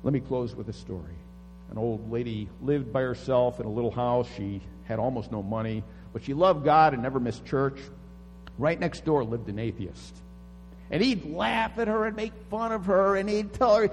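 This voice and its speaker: A pastor preaching a sermon dramatically, swinging from hushed tones to booming calls. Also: male voice, normal speed, big-room sound, soft background music. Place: church sanctuary.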